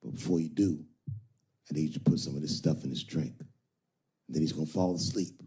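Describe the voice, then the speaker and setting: A man voicing a cold, commanding male pimp who gives low, clipped orders and swears. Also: normal speed, warm tone.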